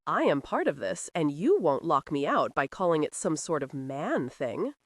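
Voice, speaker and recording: A woman's voice: sits low, big pitch swings, normal speed, no echo, studio quality. A woman reading a defiant young lady. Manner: firm, defiant. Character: spirited headstrong young woman of nineteen.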